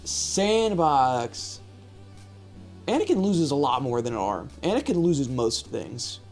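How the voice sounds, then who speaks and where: A man's voice: mid-range voice, sing-song, takes it slowly, soft background music. A man hosting a live stream, chatting casually with chat and a co-player, joking and swearing freely. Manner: joking, profane, riffs with chat. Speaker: streamer host playing a word game.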